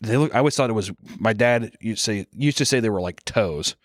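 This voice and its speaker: A man's voice: fairly low pitch, brisk, dry recording, studio quality. A man co-hosting a podcast in casual comedic chat, swearing and laughing often. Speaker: podcast co-host.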